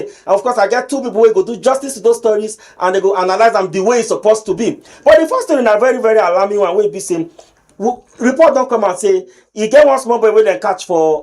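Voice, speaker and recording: A man's voice: sits high, a little mellow. A man with a Nigerian accent hosting a pidgin talk show in a studio, chatty and teasing, with many fillers. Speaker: host.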